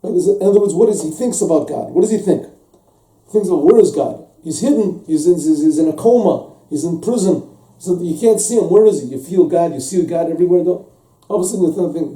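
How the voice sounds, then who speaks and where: A man's voice: on the high side, animated, fast, dark tone. Rabbi guy explaining scripture, acts out bits of dialogue, recorded far from the mic in an echoey room. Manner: explains at length, repeats words, acts out little dialogues. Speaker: rabbi teaching a class. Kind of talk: religious text class.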